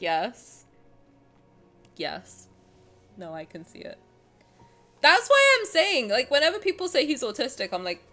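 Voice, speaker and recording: A woman's voice: fairly high pitch, fairly bright tone. A woman in her twenties, chatting casually on a stream, rambling with restarts and laughter. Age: 20s. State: out of breath. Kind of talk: casual stream chat reading comments.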